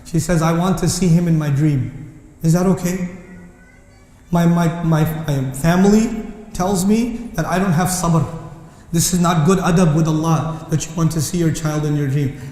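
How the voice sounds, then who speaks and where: Impassioned preacher in an echoey hall. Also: male voice, fairly high pitch, moderate pace, warm tone. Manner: impassioned, rising to indignant questions, quoting Arabic verses. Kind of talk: passionate sermon. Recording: echoey hall with long reverb.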